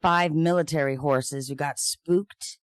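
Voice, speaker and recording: Co-host with a smooth, clear voice, wry delivery, dry close sound. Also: medium pitch, fairly even intonation, a little slow, no room sound. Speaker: podcast co-host. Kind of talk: casual chat, reading news stories.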